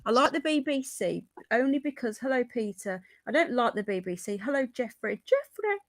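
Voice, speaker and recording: A woman's voice: a little high, fairly quick, slight background noise. A middle-aged British woman hosting a casual livestream, reading out news and greeting viewers as she rambles along. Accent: British English. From Britain. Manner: chatty, rambling, greets viewers mid-sentence. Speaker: livestream host.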